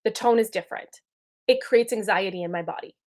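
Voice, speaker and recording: A woman's voice: medium pitch, brisk, a little mellow, soft background music. A woman in her thirties giving an earnest, conversational spiritual teaching talk. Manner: earnest, conversational, checks in with "right?".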